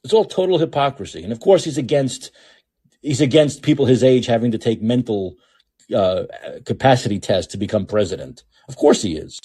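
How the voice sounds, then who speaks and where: A podcast host giving ranting political commentary, heated, profane and repetitive. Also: male voice, mid-range voice, moderate pace, dark tone, husky.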